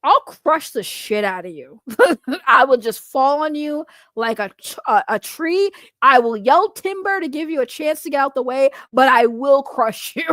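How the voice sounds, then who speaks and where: Lively high-voiced woman, swearing and laughing. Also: measured pace, no room sound, clean studio sound. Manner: profane, laughs often, sarcastic mock-innocent protests. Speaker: livestream host reacting to chat. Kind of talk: casual livestream chat.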